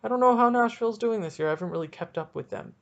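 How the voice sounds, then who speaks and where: A man hosting a casual solo sports podcast, talking in an excitable, rambling and jokey way, with a stuffy nose. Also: sits high, racing, gravelly, muffled recording. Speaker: podcast host.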